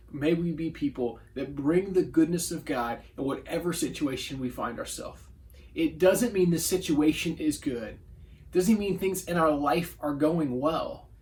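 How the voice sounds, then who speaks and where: A man with a fairly high speaking voice preaches a brief devotional. He talks earnestly and conversationally, reading scripture aloud and slipping into quoted voices as he goes. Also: a little mellow. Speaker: pastor. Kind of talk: short devotional sermon.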